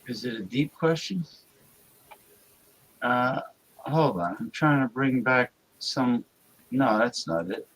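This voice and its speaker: A man hosting an online talk show, excitable, often exclaiming and repeating himself. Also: mid-range voice, takes it slowly, long pauses, low-quality recording. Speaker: host. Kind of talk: casual call-in talk show banter.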